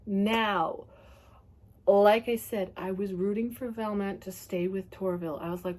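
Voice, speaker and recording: A woman's voice: mid-range voice, fairly even intonation, unhurried, a little mellow. A woman giving a casual, ranting book review, talking in a chatty, sweary way and laughing often.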